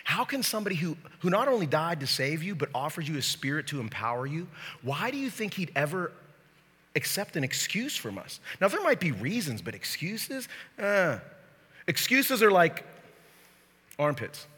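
A man's voice: fairly high pitch, normal speed, husky. A man preaching a sermon as pastor in a church, joking with the crowd and speaking to them directly. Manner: lively, joking, talks straight to the crowd. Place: church sanctuary. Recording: long hall reverb.

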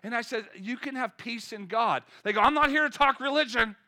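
A man in his fifties preaching a sermon with energy, swinging between loud exhortation and quiet storytelling. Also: extremely high pitch, fairly quick. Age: 50s. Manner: energetic preaching, rising loud then dropping to soft storytelling. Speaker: pastor.

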